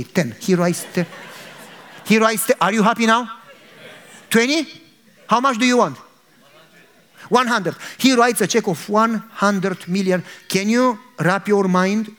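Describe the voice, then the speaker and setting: A male pastor delivers a sermon in a fairly high voice. He tells his story animatedly and acts out the dialogue as he goes. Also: a bit bright.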